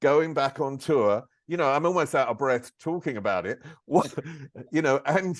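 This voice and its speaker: A male host asks long, meandering questions in an easy, chatty way and adds light laughs. His voice sits at a mid pitch. The recording is dry and close, with no room sound. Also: animated, normal speed, dry recording. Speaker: interviewer, host. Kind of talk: casual interview questions.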